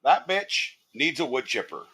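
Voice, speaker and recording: A man's voice: mid-range voice, moderate pace, slightly rough. A man streaming a live reaction video, ranting angrily with lots of profanity. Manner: angry, profane, animated ranting.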